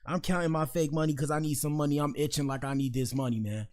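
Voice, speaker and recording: A man's voice: on the high side, steady tone, fast, a little mellow. A man hosting his own podcast, who talks in a loose, rambling, slangy way and says he is tired, commenting casually on news clips. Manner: laid-back, loose slang, rambling asides. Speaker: podcast host.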